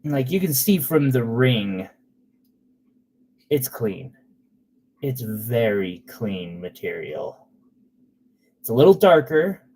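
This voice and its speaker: A man's voice: mid-range voice, big pitch swings, slow, pauses often, darkish tone. A man selling gemstones on a live stream, chatting in a casual, sentimental way with loose fillers. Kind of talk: casual live sales chat.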